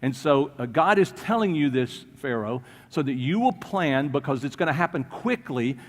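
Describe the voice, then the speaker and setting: Animated man preaching in a reverberant church. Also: mid-range voice, moderate pace. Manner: animated storytelling, acting out quoted voices. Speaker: pastor. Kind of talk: sermon. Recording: long reverb of a church hall.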